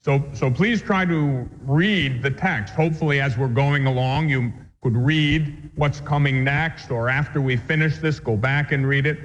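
A man's voice: medium pitch, measured pace, hardly any pauses, a bit bright. A man, a Catholic priest, teaching a catechism class in an earnest, emphatic way and repeating his key points. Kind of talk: religious lecture. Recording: dull lo-fi sound in a reverberant hall.

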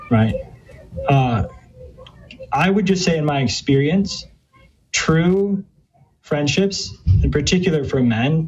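A Catholic youth ministry guest responds to interview questions about his work with thoughtful sincerity, frequently stumbling into fillers and restarts. His mid-range voice is darkish with a breathy edge, heard through dull, lo-fi sound.

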